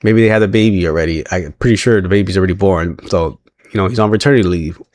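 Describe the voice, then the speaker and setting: A man's voice: low voice, quick pace, darkish tone. A man casually recapping a show, rambling with many fillers and restarts and chuckling as he retells scenes. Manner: rambling, frequent fillers and self-corrections, chuckles while retelling. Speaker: wrestling recap vlogger.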